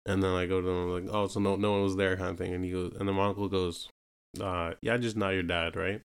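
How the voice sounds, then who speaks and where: A young man from Canada tells his own story in a loose, rambling way, looping back with filler phrases. His voice sits very low and stays flat in tone, yet it comes through smooth and clear. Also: quick pace. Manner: rambling, full of fillers like "you know what I mean" and "right". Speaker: podcast host telling his own story. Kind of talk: casual personal storytelling.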